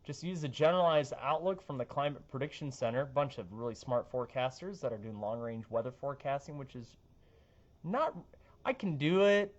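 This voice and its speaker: A man's voice: medium pitch, animated, fairly quick, muffled recording. A young man, a TV meteorologist talking through a casual forecast with playful, jokey asides. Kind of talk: casual weather forecast chat.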